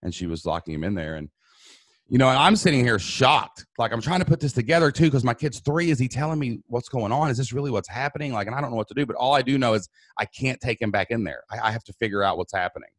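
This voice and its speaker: A man's voice: medium pitch, lively intonation, fast talker, no echo. A man guest in an interview, earnestly telling an emotional personal story and acting out the dialogue. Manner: earnest, emphatic, acts out quoted dialogue.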